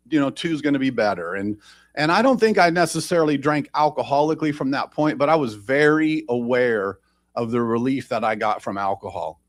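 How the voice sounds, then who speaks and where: A man's voice: medium pitch, no room sound, studio quality. A man sharing his personal recovery story at a meeting, in a rambling, conversational way with self-deprecating humor.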